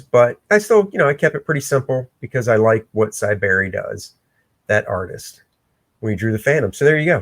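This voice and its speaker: A man hosting a casual livestream where he talks through his own comic pencils, excitable and breaking into shouts. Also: mid-range voice. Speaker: comic artist and show host. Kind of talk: casual livestream art commentary.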